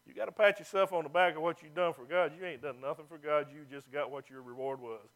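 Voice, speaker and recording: A man, a pastor preaching a sermon, who reads scripture loudly and then drops low and mocking to make his points. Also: steady tone, fairly quick.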